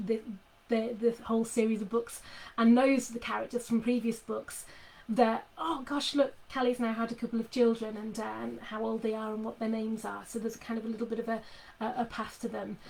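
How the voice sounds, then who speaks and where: Middle-aged woman author, chatty live stream from her home desk, slightly high voice, lots of ums and restarts. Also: a little mellow, poor audio. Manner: chatty, many fillers and restarts. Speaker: author talking to readers. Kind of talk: casual live chat with readers. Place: home office.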